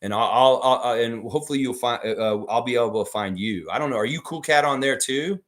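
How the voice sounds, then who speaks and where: A man's voice: mid-range voice, fast talker, a bit bright. A man hosting a live stream, chatting casually and reading viewer comments aloud with rambling, opinionated takes.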